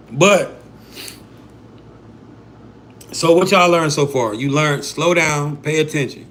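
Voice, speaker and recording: A man's voice: on the high side, a bit bright, slight background noise. Blunt, swearing man teaching on a livestream. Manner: blunt, slangy, heavy swearing, rhetorical questions. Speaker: self-styled spiritual teacher on a live stream. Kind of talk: casual profane live-stream lesson.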